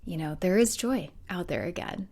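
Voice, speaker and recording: A woman's voice: lowish voice, expressive, normal speed, a little mellow, husky. A woman hosting a podcast as a grief and life coach, talking in an earnest, conversational way with light laughs. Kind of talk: solo podcast talk.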